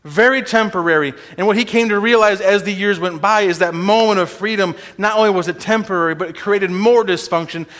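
High-voiced preacher in reverberant hall. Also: male voice, a little fast, few pauses. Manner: animated, informal, laughs often. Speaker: guest preacher. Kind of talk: sermon. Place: church sanctuary.

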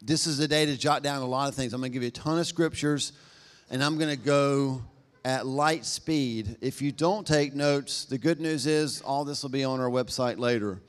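A man preaching a sermon, talking fast and conversationally with a self-deprecating humor. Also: medium pitch. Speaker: pastor.

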